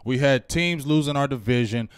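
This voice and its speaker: A man hosting a fan football show, talking in an animated, emphatic way and trash-talking rival teams. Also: medium pitch, normal speed, smooth, no room sound, clean studio sound. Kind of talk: excited fan sports talk.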